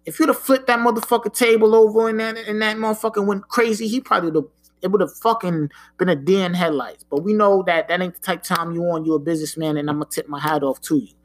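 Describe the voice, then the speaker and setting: High-voiced man talking frank street talk. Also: fairly even intonation, quick pace. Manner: frank, profane street talk with frequent "you know what I'm saying". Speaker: podcast host. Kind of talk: casual solo talk.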